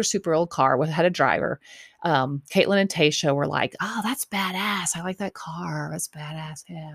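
A woman's voice: deep voice, no echo, studio quality. A woman hosting a podcast, recapping a show in a rambling, chatty way with lots of fillers and repeated words. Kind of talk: casual chat.

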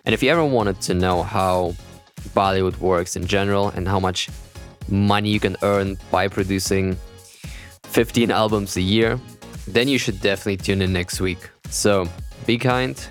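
A man with a German accent hosting a casual podcast, upbeat and halting, often repeating words as he talks. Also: sits low, steady tone, faint music behind. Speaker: podcast host.

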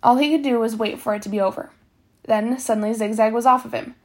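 A woman reading a novel aloud, steady, sometimes stumbling and correcting herself. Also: fairly high pitch, fast. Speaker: reader.

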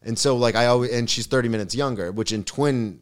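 Young male storyteller, comedic podcast guest, middle-pitched, animated, profane. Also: fairly quick, clean tone. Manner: animated, swearing, acts out the quotes.

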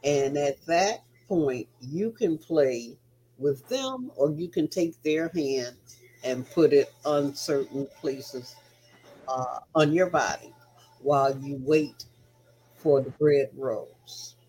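A woman's voice: low-pitched, takes it slowly, warm tone, a little hiss or hum, poor audio. An older woman, the host's mother, giving frank, motherly advice as a guest co-host in casual chat.

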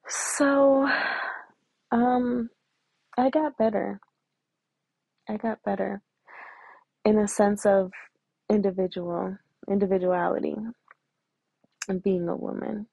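Gravelly-voiced young woman telling her story. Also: medium pitch, no echo, narrow, tinny audio. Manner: emotional, candid, filler-heavy slang. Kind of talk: casual personal storytelling.

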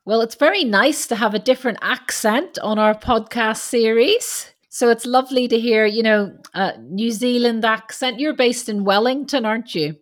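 A woman hosting a parenting and education podcast, reading a scripted introduction and then interviewing her guest in an articulate, measured, earnest way. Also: a little high. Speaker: podcast host.

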